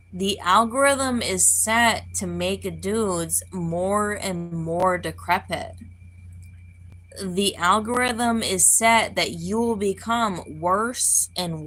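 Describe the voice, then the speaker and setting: Woman, vlogger, unscripted profane rant, slow delivery, bright edgy tone, lots of "like" fillers. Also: fairly low pitch, low-quality recording. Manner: profane, heated, full of "like" fillers. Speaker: spiritual advisor.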